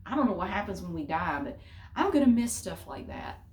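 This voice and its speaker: A middle-aged woman, telling a story casually in a chatty, animated way with mild cussing. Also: medium pitch, brisk. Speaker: vlogger. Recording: roomy echo.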